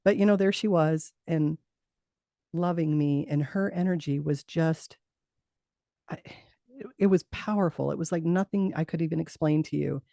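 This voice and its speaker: A woman's voice: low voice, moderate pace, vocal fry, dark tone, no room sound, clean studio sound. A middle-aged woman, a guest in an interview, telling a personal story earnestly, laughing now and then and restarting her sentences.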